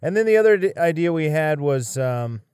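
Smooth-voiced playful male co-host. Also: a little high, animated, brisk, a little mellow, no room sound. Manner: playful, teasing. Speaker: podcast co-host. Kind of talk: casual chat.

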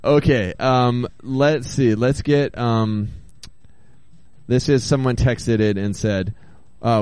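A man's voice: medium pitch, slow pace, a little mellow, no room sound. A man in his middle range hosts a talk show and reads listener messages aloud. He keeps things loose with "um"s and small laughs, and the sound is close and dry from a studio mic. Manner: reads listener texts and jokes aloud, with frequent "uh-huh" and "um". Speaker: radio show host. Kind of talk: casual radio chat.

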